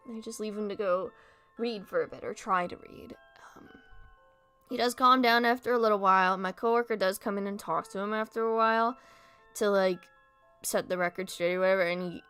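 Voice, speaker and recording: A woman's voice: mid-range voice, fairly quick, a bit bright, clear, resonant tone, faint music behind. A young woman chatting casually and candidly with her viewers, venting and swearing, and sometimes stumbling over words because of a speech impediment. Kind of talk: casual chat.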